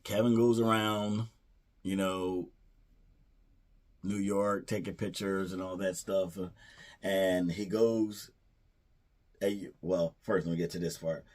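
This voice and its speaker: A man with a low, deep voice talks through a movie's plot in a loose, casual way. He wanders and restarts his sentences, leaning on "you know" and "uh" as he goes. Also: fairly even intonation, takes it slowly, pauses often, a little mellow. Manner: rambling, many fillers and restarts; playfully acts out character lines. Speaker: movie reviewer.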